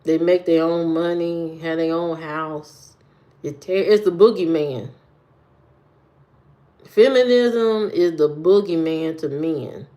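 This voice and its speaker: Slow, rambling livestream woman. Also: low-pitched, dark tone, highs cut off. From Indiana. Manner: rambling, repeats phrases and restarts lines. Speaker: livestream host. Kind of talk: casual livestream chat, answering viewers.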